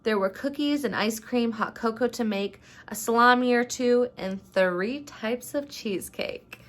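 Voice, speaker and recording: A woman vlogger reading a rhyming picture book aloud at home at night, in an unhurried storytelling way, then chatting casually. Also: fairly high pitch, fairly bright tone. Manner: unhurried storytelling, laughs between lines.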